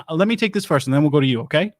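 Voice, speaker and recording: A man's voice: a little high, lightly acted. Man doing a rambling doomsday-prep lecturer. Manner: rambling, halting, deadpan. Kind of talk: improvised comedy character.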